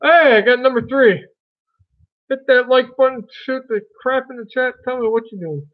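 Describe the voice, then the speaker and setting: Man, high-pitched, chatty live streamer, muffled lo-fi sound. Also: normal speed. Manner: chatty, folksy, greets chat by name. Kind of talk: casual live stream chat with viewers.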